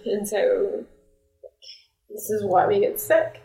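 A woman's voice: medium pitch, drawn-out words, gravelly, pauses often. A woman chatting casually as a podcast co-host, telling stories with lots of animation and frequent laughter. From United States. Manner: animated storytelling, laughing often. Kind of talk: casual chat. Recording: roomy echo.

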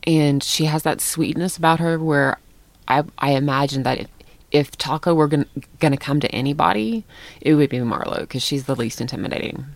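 A middle-aged woman telling a story in casual chat, animated and laughing often. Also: sits low, a little fast, creaky, no room sound.

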